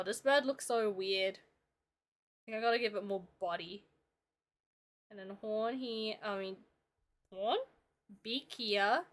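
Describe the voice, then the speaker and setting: Young woman streaming, high bouncy voice, bright and chatty, playful. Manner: chatty and playful, talking to chat. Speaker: streamer and illustrator. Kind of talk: casual livestream chat while drawing.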